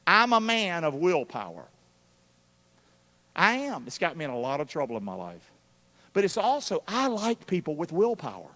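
A man preaching a live sermon, calling out for responses from the congregation and swinging between loud and hushed. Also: on the high side, very animated, normal speed, pauses often. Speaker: pastor. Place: church sanctuary during a live service. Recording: long hall reverb of a church.

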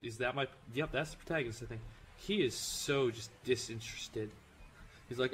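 A man's voice: medium pitch, moderate pace, a bit bright, faint music behind. Joking male gameplay commentator. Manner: jokey, riffing, jumps into silly voices. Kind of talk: comedic let's-play commentary with improvised character voices.

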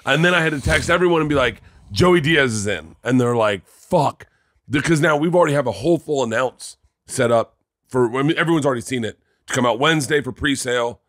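A man in his forties, a comedian guest, chatting casually and excitedly, swearing and laughing often. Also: medium pitch, fast talker, dry recording, clean studio sound. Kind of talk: casual chat.

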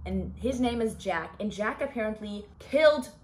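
A woman's voice: mid-range voice, lively intonation, moderate pace. A woman talking casually in a reading vlog, giving dramatic, exclaiming reactions as she reads. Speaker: book vlogger.

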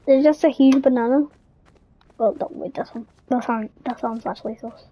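A woman's voice: fairly high pitch, fairly even intonation, normal speed, breathy edge, muffled recording. A woman gamer giving casual commentary on a horror game, full of jumpy, startled exclamations.

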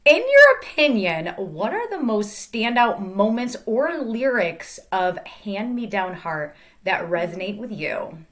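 A woman's voice: mid-range voice, big pitch swings, a little slow, few pauses, fairly bright tone. A woman hosting a casual interview, affirming her guest and asking questions. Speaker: host.

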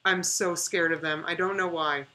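Bright-voiced chatty woman streamer. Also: fairly low pitch, fairly even intonation, moderate pace. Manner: chatty and emphatic, repeating words for stress. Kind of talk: casual reaction livestream chat.

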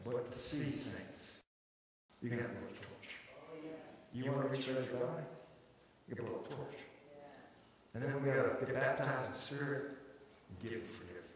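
A middle-aged man preaching a sermon as a pastor, telling stories dramatically and swinging from hushed passages to shouted peaks. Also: mid-range voice, normal speed, pauses often. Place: large church auditorium. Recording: echoey hall from far off with crowd.

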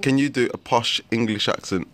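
A man's voice: mid-range voice, moderate pace, fairly bright tone, slight background noise. A young man hosting a casual vlog outdoors on a veranda, talking hesitantly and stopping to clarify what he means. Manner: hesitant, keeps adding clarifications. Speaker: vlog host filming a child.

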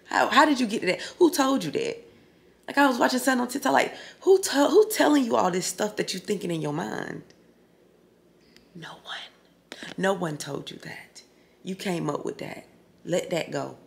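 A woman's voice: on the high side, expressive, brisk, gravelly. A woman chatting casually to her viewers in a hotel room vlog, frank and profane, calling them y'all and friend. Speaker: vlogger. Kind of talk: casual vlog chat to camera.

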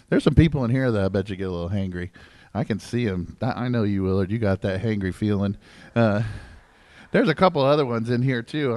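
A mid-pitched man in his thirties preaching a sermon to his congregation, jumping from loud, stressed lines to quiet, low asides. He jokes with the people in front of him. The recording is close and dry. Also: no echo. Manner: conversational and joking, with asides to the congregation; wide swings between loud emphasis and low asides. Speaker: pastor. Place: church sanctuary.

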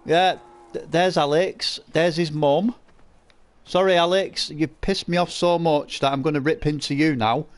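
A man's voice: on the high side, fairly even intonation, a little slow. A man commentating a live farming game stream, teasing viewers with crude, laughing banter. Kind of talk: live gameplay commentary, reading chat.

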